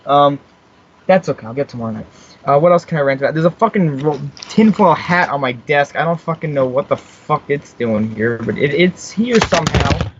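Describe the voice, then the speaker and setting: Young American radio host, rambling and foul-mouthed, somewhat high voice, muffled lo-fi studio sound. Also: male voice, lively intonation, normal speed, a little hiss or hum. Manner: rambling, sweary, easily fired up. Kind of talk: profane off-the-cuff rant. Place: small home radio studio. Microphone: studio mic with headphones.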